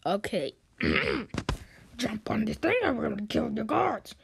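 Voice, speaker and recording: A woman's voice: fairly high pitch, big pitch swings, takes it slowly, vocal fry, noisy background. A woman rambling through an improvised story retelling, full of hesitations, jumping between put-on character voices and whispers.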